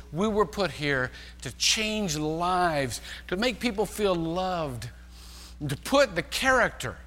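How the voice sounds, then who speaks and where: High bright-voiced preacher in reverberant church. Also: male voice. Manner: storytelling preacher, swings between loud emphasis and hushed tones. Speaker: pastor. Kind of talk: sermon. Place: large church sanctuary.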